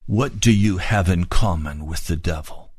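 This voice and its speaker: A man's voice: sits low, a little slow, a little mellow, breathy edge, no room sound, clean studio sound. A man preaching a sermon, explaining scripture phrase by phrase. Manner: expository, explaining scripture word by word.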